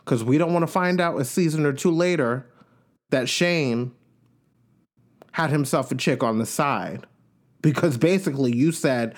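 A man's voice: a little high, lively intonation, unhurried. A man from Long Island, New York, hosting a podcast and giving a chatty, gossipy recap of a reality show with playful asides. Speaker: podcast host.

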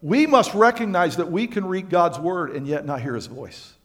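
A male pastor preaching a sermon to his congregation, swinging between loud emphatic lines and quiet, low asides. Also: lively intonation, moderate pace. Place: church sanctuary.

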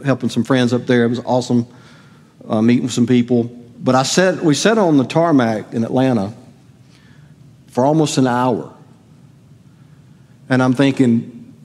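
Pastor preaching in a reverberant hall. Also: male voice, mid-range voice, a little mellow. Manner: conversational, asks the congregation questions. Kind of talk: sermon. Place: church sanctuary.

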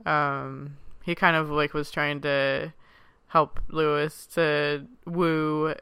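A man's voice: on the high side, level tone, extremely slow, gravelly, pushed and bright, smooth, dry recording. A man chatting casually about a film, giggly and full of fillers. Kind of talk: casual chat.

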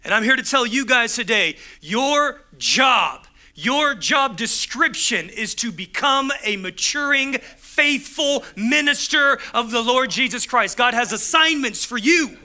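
Emphatic high-voiced man preaching. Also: animated, a little slow, sharp tone. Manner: emphatic preacher, punchy repeated phrases, acts out quoted voices. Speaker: pastor. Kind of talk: sermon.

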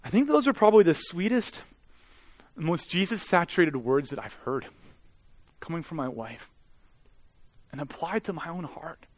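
A man's voice: on the high side, animated, moderate pace, pauses often, no room sound. Earnest man preaching with a dry sound. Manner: earnest preaching, swelling loud then dropping to soft, intimate tones. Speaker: pastor. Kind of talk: sermon.

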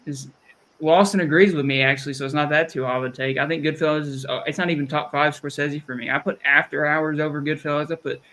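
A man's voice: fairly high pitch, steady tone, quick pace, pushed and bright. A man with a Southern US accent hosting a podcast, rambling and chatty, often restarting his sentences. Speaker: podcast host. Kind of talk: casual chat.

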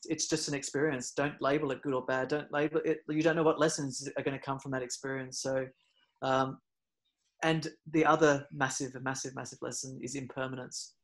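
Man, mid-pitched voice, rambling with ums and restarts, casual storytelling, louder in the dramatic parts. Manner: rambling, many fillers and restarts; gets loud and animated retelling scary moments. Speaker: podcast guest.

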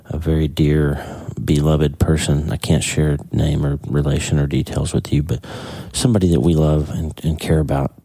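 An American man hosts a faith podcast, giving a casual devotional talk in an earnest, halting way, restarting often, repeating words, and his voice cracking with emotion. His voice is extremely low and warm with a breathy edge and little pitch movement. There's no room sound.

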